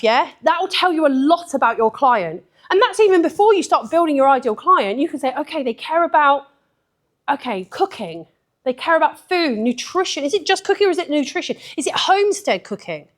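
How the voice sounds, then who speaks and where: A woman giving a blunt, sweary, chatty talk at a photography event, laughing often. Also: high voice. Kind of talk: live conference talk.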